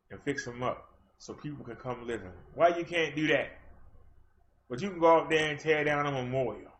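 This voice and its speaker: A man's voice: mid-range voice, fairly bright tone. A man hosting a livestream, ranting in a fiery, confrontational way and challenging his chat. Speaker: livestream host. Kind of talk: livestream rant. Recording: dull lo-fi stream audio.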